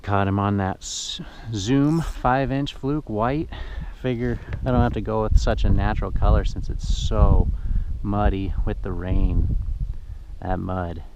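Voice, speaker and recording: A man's voice: lowish voice, little pitch movement, a little slow, background noise. A man narrating his fishing trip to camera from a boat outdoors, chatty and emotional as he talks to his viewers. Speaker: fishing vlogger.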